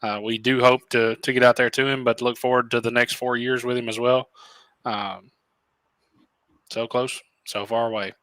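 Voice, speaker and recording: A joking man with a Southern accent co-hosts a high school sports show. His voice is bright and forceful, and it is recorded dry. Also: little pitch movement, normal speed, dry recording, poor audio.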